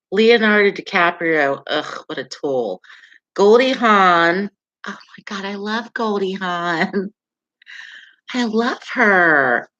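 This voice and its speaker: Chatty woman on a slow live stream. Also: medium pitch, a bit bright, highs cut off. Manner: chatty, laughs often, reacts to comments. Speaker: livestream astrology host. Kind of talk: casual live-stream chat reading viewer comments.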